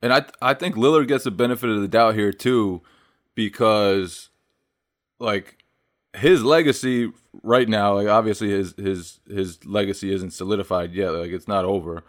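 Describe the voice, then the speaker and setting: Low-voiced man talking basketball, relaxed. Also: normal speed. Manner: relaxed, thoughtful, with many "like"s. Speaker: podcast co-host. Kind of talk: casual sports chat.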